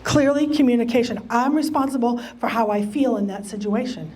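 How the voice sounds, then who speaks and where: Speaking briskly in a slightly high, slightly mellow voice, a woman teaches a relationships lesson at church Bible study in a meeting room. She is emphatic, echoing key phrases and acting out things people might say.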